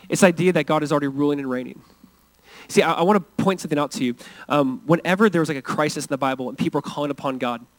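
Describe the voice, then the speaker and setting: American man preaching, high voice, dry close sound, earnest, intense then hushed. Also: no room sound, low-quality recording. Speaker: pastor. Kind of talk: sermon.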